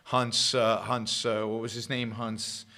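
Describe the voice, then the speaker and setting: A middle-aged man hosting his own show, giving sarcastic political commentary that swings between loud jabs and muttered asides. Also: fairly low pitch, level tone, slow. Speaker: podcast host.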